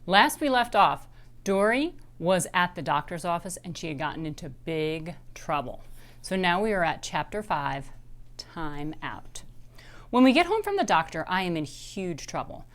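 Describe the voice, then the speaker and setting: Animated woman reading a children's book. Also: on the low side, normal speed. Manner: expressive, animated. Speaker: reader.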